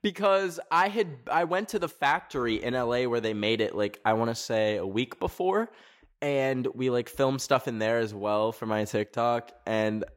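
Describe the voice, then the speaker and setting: A man's voice: mid-range voice, moderate pace. Rambling self-mocking man hosting from a garage. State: sweaty. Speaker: podcast host. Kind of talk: casual chat.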